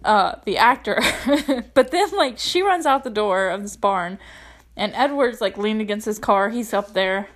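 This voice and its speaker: A woman's voice: medium pitch, lively intonation, a little slow. A young woman recapping a movie in a casual, chatty way, rambling with lots of fillers and frequent giggles. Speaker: movie reviewer.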